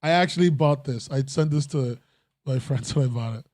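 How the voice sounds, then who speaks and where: A man's voice: mid-range voice, normal speed, darkish tone, no echo. Rambling young man with a dry voice. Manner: rambling, self-interrupting, laughs often. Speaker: podcast host. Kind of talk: casual podcast chat.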